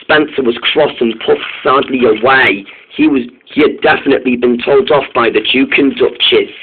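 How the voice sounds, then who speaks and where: A man's voice: mid-range voice, normal speed, a little hiss or hum. A man narrating a toy-train story in an informal, eager way. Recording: tinny phone-like sound.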